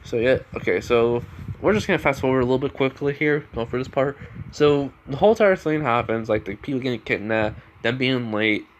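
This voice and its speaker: A man's voice: medium pitch, brisk, slight background noise, low-quality recording. A man casually retelling his fan story at home, rambling with many restarts. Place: home room with a fan running.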